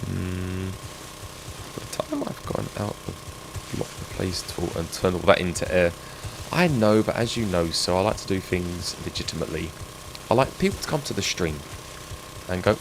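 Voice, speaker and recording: A man's voice: deep voice, very animated, fairly quick, creaky. A man chatting and joking with viewers while he streams a game. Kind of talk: live gameplay stream chat. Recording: game sound noise behind.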